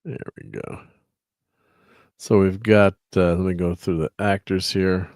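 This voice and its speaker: A man's voice: deep voice, level tone, measured pace, darkish tone, no room sound, clean studio sound. A man hosting a casual livestream chat, rambling with lots of fillers and chuckles while he fiddles with his slides. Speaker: host.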